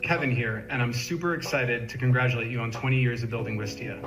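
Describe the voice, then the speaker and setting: A man's voice: mid-range voice, steady tone, fast talker, over music, poor audio. A man giving an enthusiastic congratulations message full of praise. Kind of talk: casual video message.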